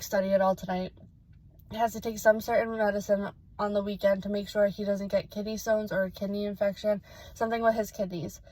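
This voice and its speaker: A woman's voice: mid-range voice, darkish tone, no echo, poor audio. A young adult woman giving a casual vlog update, rambling and emotional with many fillers. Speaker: vlogger.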